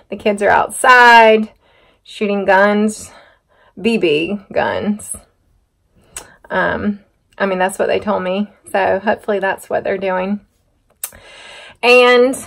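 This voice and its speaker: This middle-aged woman, from North Carolina and speaking in a drawl with a mid-range voice, talks at length to camera in a casual vlog. Easygoing and at home, she strays into side stories and pokes fun at herself, outdoors on a muddy farm before heading into a home kitchen.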